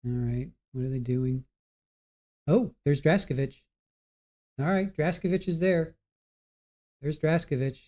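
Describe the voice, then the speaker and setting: A man's voice: a little high, a little slow, pauses often, darkish tone. A man hosting a live stream, chatting casually with viewers in the chat while he waits for a court hearing to resume. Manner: chatty, talks to viewers in chat, trails off and restarts. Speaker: livestream host. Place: home setup at a computer.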